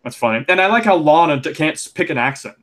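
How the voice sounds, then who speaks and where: A young man co-hosting a casual wrestling podcast, rambling and animated, full of fillers. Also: a little high, fast. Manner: chatty, rambling, animated opinions with lots of fillers. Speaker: podcast co-host.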